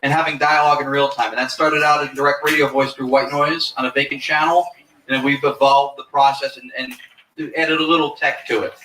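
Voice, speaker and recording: A man's voice: medium pitch, level tone, brisk, pushed and bright. A man who investigates the paranormal, explaining his theories at length with joking asides in a live interview at a fair. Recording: echoey, distant from the mic, faint noise.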